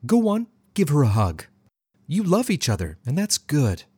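A man's voice: fairly high pitch, wildly swooping pitch, normal speed, warm tone, breathy edge, no room sound, clean studio sound, voice pushed up, heavily acted. A reader voicing a firm, encouraging woman tutor who gives commands and coaches her students. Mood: coaching.

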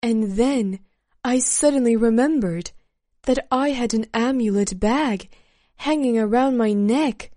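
Slow, measured woman narrating a memoir. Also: fairly high pitch, mellow, no room sound, studio quality. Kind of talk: first-person memoir narration.

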